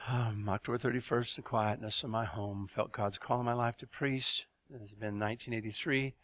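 A man's voice: lowish voice, normal speed. A middle-aged man preaching a testimony sermon, telling stories with laughter and asking the audience questions. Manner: animated storyteller, laughs, asks audience.

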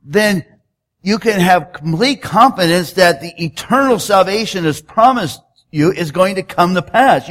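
A man's voice: sits high, animated, measured pace, fairly bright tone. A man preaching a sermon in a conversational style, building up to emphatic exhortations.

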